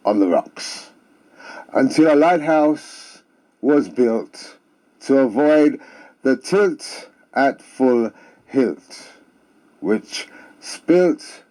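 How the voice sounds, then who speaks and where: A storyteller with a medium-pitched voice and a dark tone tells comic stories and jokes. His delivery is theatrical, punctuated with sing-song refrains.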